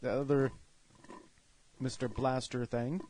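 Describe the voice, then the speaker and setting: A man's voice: mid-range voice, flat delivery, slow pace, a little mellow, a little hiss or hum. A man co-hosting a casual review chat in a laid-back, matter-of-fact way. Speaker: co-host.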